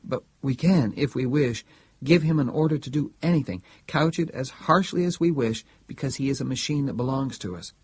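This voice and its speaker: A man's voice: a little fast, husky, no echo, natural voice. A man voicing a defiant, earnest young woman. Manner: pleading, raised pitch. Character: spirited grown daughter, defiant and earnest. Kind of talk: audiobook reading.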